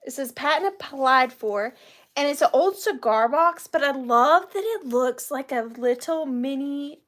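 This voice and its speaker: High-voiced lady rambling on a live vintage sale stream, giggly and chatty. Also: expressive, measured pace, a bit bright. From Georgia, US. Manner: chatty, rambling, giggly, talks to viewers by name. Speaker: online seller hosting a live vintage sale. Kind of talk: casual live-stream selling chat.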